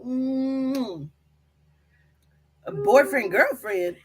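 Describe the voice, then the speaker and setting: A woman vlogging, telling a comic story to camera in an animated, profane way, with bursts of laughter. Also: high voice, very slow. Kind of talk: casual comedic storytelling to camera.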